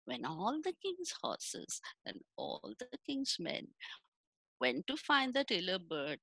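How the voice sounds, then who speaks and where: Animated woman telling a children's story. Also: fairly high pitch, creaky, husky, no room sound, poor audio. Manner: animated, dramatic, drawn-out phrasing.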